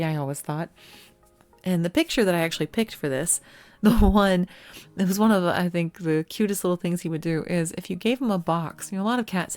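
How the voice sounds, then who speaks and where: A woman telling stories about her cat in a casual vlog, animated and often laughing, with quoted lines in a much higher voice. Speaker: pyrography artist and video host.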